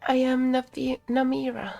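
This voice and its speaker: A woman voicing a wretched, rag-covered female spirit-lord who speaks in a rasp, slow and solemn, as part of a storybook reading. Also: sits high, fairly even intonation, a little mellow, soft background music, pitched above the performer's own voice. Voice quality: rasping.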